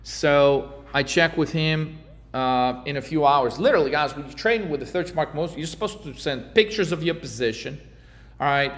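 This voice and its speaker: A man's voice: a little high, normal speed, fairly bright tone. Profane, ranting man in an echoey room. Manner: profane, blunt, heated. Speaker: trading coach. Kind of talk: ranting monologue.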